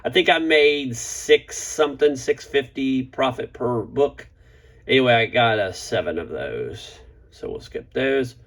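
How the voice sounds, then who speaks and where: A man's voice: mid-range voice, animated, unhurried, fairly bright tone. A man talking casually in a home vlog, rambling with lots of ums and uhs as he goes over his reselling. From Florida. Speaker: eBay reseller vlogger. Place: home room with a neon sign.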